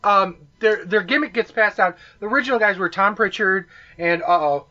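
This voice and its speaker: A man's voice: high voice, moderate pace, sharp tone, lo-fi sound. A man co-hosting a wrestling podcast who explains backstory casually, swearing now and then. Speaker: podcast co-host. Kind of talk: casual chat watching wrestling.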